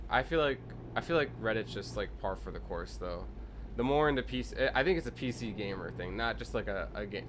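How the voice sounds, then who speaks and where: A man's voice: on the low side, noisy background. A young man streaming a driving game, chatting casually and telling a long story full of swearing and restarts. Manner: rambling, profane, ranting storyteller. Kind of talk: casual gameplay commentary.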